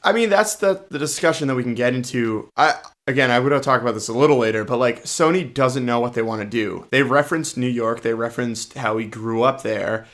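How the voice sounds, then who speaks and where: A man's voice: mid-range voice, brisk, few pauses, fairly bright tone. A man co-hosting a casual film review podcast, blunt and opinionated, often cutting in. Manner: blunt, opinionated, jumps in over others. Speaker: podcast co-host.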